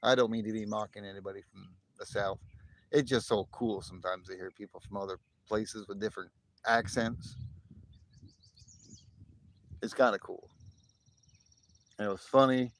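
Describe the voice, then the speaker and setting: A man's voice: lowish voice, steady tone, moderate pace, long pauses. A middle-aged man chatting casually to live viewers from outdoors on his phone, laughing often. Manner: chatty, laughs often, jokey put-on voices. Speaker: livestream host. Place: outdoors in morning sun.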